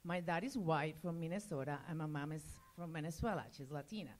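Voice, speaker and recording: A woman with a Spanish accent doing a halting stand-up set, searching for words and giggling. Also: sits low, darkish tone. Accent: Spanish-accented English.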